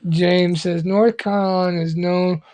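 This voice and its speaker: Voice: medium pitch, little pitch movement, a little slow, darkish tone. A co-host on a livestream reading out viewer comments and chatting casually. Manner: laid-back, reads viewer comments aloud. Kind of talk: casual chat.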